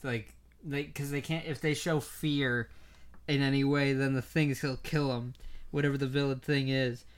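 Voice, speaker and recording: A podcast co-host in casual chat, talking in an animated way and laughing a lot. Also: medium pitch, normal speed, smooth. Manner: chatty, laughs a lot, tells stories animatedly.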